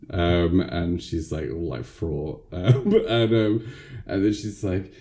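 A man's voice: sits low, measured pace, warm tone. A man casually recapping a film, rambling with lots of fillers.

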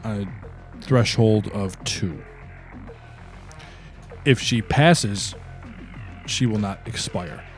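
A man running a tabletop game as game master, describing outcomes in a measured way with some hesitant fillers. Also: on the low side, faint music behind.

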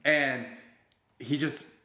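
A man in the middle of his range, spinning a long casual story and swearing freely as he goes. He tumbles through restarts and asides in a relaxed, animated way. His voice rings with the echo of a roomy space. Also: medium pitch, very slow.

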